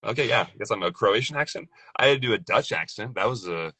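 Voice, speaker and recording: A man's voice: fairly low pitch, expressive, fast, bright, forceful tone, husky, no room sound. A man, a voice actor, talking casually as a guest, loose and laid-back and laughing often. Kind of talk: casual conversation.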